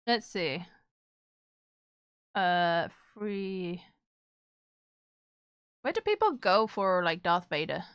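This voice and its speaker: A woman's voice: lowish voice, expressive, drawn-out words, pauses often, clear, resonant tone, no echo, studio quality. A woman streamer chatting casually with her live chat while she draws, joking and self-deprecating.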